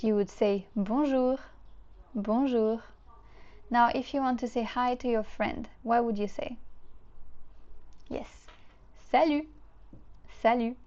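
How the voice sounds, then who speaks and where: A woman teaching children, speaking clearly and patiently and repeating each word for the learners to copy. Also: a little high, a little mellow, lo-fi sound. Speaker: French teacher. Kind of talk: slow, clear lesson for children.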